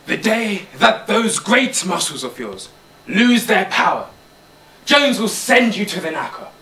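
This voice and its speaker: A fiery old boar rallies the farm animals, played by a young man, shouting his key words with a rasping menace. The voice sits high, swings widely and drags each phrase slowly. It sounds bright, in a roomy space and well away from the mic. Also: very animated, distant mic, full character voice. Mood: menacing. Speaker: drama student.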